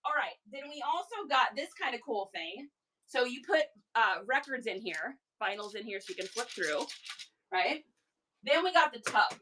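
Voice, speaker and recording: A woman hosting a reseller livestream, chatty and animated with rambling asides. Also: on the high side, normal speed, a little hiss or hum. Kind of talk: casual livestream chat.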